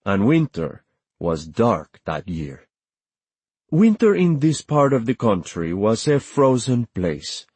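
Husky-voiced man narrating an audiobook. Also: mid-range voice, big pitch swings, takes it slowly, a little mellow, no echo. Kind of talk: scripted narration.

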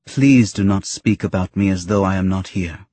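A man's voice: low-pitched, moderate pace, dark tone, no room sound. A man reading a firm young woman senator. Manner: firm, insistent. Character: resolute young female senator.

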